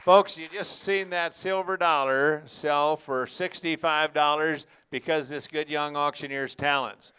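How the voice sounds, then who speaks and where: A man's voice: fairly high pitch, fairly even intonation, measured pace, hardly any pauses, sharp tone, clean tone. A man emceeing a student auction, folksy and joking, addressing the crowd as folks. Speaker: auction school instructor and emcee.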